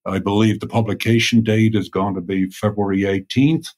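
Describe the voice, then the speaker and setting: A man with a Dublin accent, co-hosting a podcast and asking questions in an easygoing, unhurried way. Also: lowish voice, fairly even intonation, a little mellow. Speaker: podcast co-host. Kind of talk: casual interview.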